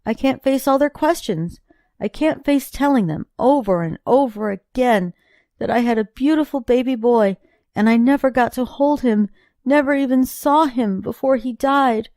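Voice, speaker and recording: A woman's voice: on the high side, moderate pace, no echo, clean studio sound, voice pushed up, lightly acted. A woman voicing a grief-stricken young wife of twenty-six in an audiobook, her voice raised and strained. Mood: tearful. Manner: raised, strained voice rising to shouts. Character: grieving young woman, 26, tearful and enraged.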